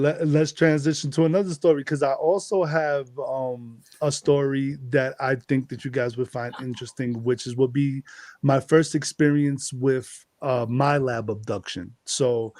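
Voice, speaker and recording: A man from the Bronx, New York, a guest telling a personal experience in a lively storytelling manner, acting out what he said back then. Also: mid-range voice, dry recording. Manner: lively, acts out his own past words with rising excitement. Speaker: guest, contactee and hip-hop artist.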